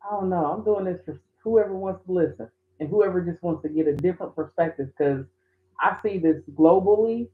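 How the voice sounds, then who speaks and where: A woman talking in a rambling, conversational way in a casual commentary vlog, with many restarts. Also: fairly low pitch. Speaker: YouTube commentator. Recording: tinny phone-like sound.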